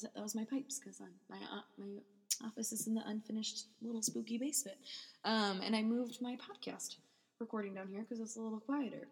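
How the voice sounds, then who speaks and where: A woman's voice: medium pitch, vocal fry, slightly rough, in a large hall. A young woman hosting a candid solo podcast from a basement office, emotional and rambling, close to tears, with many restarts and fillers. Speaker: podcast host.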